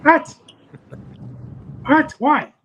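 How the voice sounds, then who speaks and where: A man's voice: very high-pitched, very slow, fairly bright tone. A man calling in to a casual show over a video call, easygoing and laid-back. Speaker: caller.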